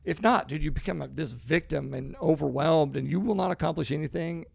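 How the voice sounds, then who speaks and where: A man's voice: on the high side, fairly quick, creaky, slightly rough. A man co-hosting a podcast, talking in an emphatic, casual motivational way and cursing freely. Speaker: podcast co-host.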